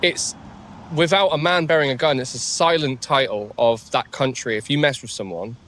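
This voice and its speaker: A man's voice: mid-range voice, moderate pace, fairly bright tone. A man answering questions in a street interview outdoors, hesitant and careful, often restarting his sentences.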